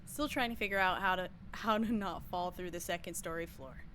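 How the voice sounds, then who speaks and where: Talking a little fast in a lowish voice, this young woman gaming on stream chats casually with her audience, shrieking and laughing at mishaps. The background is noisy.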